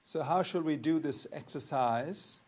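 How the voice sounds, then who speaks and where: A man teaching accounting in a recorded lecture, explaining worked examples in a measured, methodical way and repeating key points. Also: on the high side. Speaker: accounting tutor.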